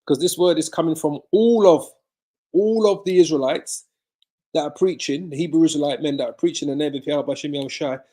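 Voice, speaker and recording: A man preaching from his home on a live video, with a voice pitched a little high. He asks questions and answers them himself. He hammers home his points by repeating phrases. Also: a little fast, warm tone. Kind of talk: sermon-style Bible teaching on a live video.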